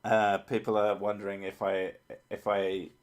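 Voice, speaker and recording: A man with a fairly low voice hosts a laid-back livestream, riffing on viewer comments. He jokes constantly, swears freely and drifts off topic easily. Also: flat delivery, normal speed. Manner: profane, joking, easily sidetracked. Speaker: livestream host reading chat. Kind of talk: casual livestream chat.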